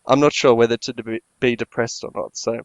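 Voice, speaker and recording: A man co-hosting a podcast, trading crude, deadpan jokes in casual comedy banter. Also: moderate pace, clean tone, dry recording, dull audio. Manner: crude, deadpan banter with sudden jumps in pitch. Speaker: podcast co-host.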